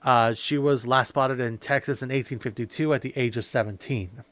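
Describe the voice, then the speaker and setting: A man hosting a casual podcast, rambling with lots of fillers and quick laughs. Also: mid-range voice, steady tone, very noisy. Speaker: podcast host.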